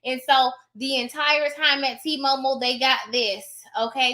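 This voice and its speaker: Woman, live-stream host, high bright voice, Southern accent, chatty, keeps checking in with "okay?". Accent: put-on Southern US. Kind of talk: casual live-stream chat.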